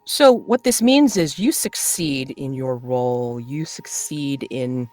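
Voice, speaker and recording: A game master running a tabletop horror game, halting with many restarts and sudden bursts of excited laughter. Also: medium pitch, no echo.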